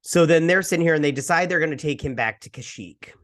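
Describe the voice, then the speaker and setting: A man's voice: fairly high pitch, quick pace, fairly bright tone. A man hosting a video, casually recapping and reviewing an episode in a loose, rambling way full of fillers. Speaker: video host.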